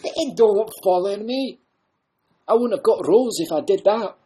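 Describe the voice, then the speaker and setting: A man's voice: on the high side, normal speed, husky. A man doing an impression of a blunt, rambling Scottish time-travelling Doctor, with a Scottish accent. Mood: ranting. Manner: rambling, blunt, loud bursts.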